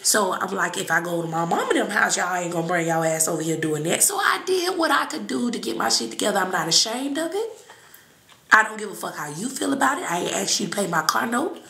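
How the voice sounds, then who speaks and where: A woman reading and chatting on a live stream, blunt and profane, with sudden shouts and laughs. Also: mid-range voice, expressive, fast talker, gravelly, echoey room. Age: adult with children. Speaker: psychic reader on a live stream. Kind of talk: casual live-stream talk.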